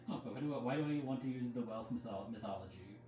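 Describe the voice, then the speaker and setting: Chatting casually with viewers, a livestream host rambles, drops thoughts halfway through, and laughs a lot, all in a medium-pitched voice.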